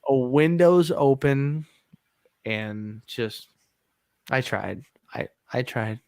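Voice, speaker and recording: Male podcast co-host, 30s, rambling anecdote teller, laughs a lot, mid pitch, dry close sound. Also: expressive, drawn-out words, gravelly, a little mellow, no echo. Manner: rambling storytelling, laughs often. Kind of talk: casual chat.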